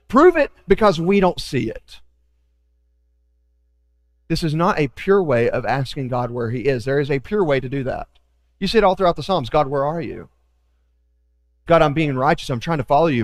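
A man preaching a sermon as pastor, animated, acting out quoted voices with joking asides. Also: sits high, big-room sound.

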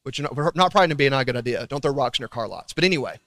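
A young man preaching a sermon, telling stories with loud emphasis and hushed asides. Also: mid-range voice, rapid-fire. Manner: animated storytelling, swinging between loud emphasis and hushed asides. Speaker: pastor. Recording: long reverb of a large hall.

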